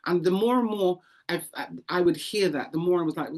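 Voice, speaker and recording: Brief: low-pitched woman, interview guest, animated testimony with acted-out voices. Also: brisk, hardly any pauses. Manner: animated storyteller, acts out voices, frequent repetitions. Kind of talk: emotional testimony.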